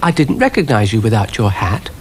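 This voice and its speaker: A man's voice: fairly low pitch, big pitch swings, fairly quick, darkish tone, a little hiss or hum. A British man voicing a cheerful, sensible young girl.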